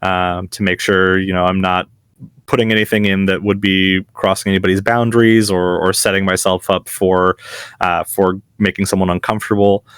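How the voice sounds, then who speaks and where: Low, smooth-voiced man, relaxed. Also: moderate pace, dry recording. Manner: easygoing, chuckles at himself. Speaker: guest, game master. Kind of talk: casual interview.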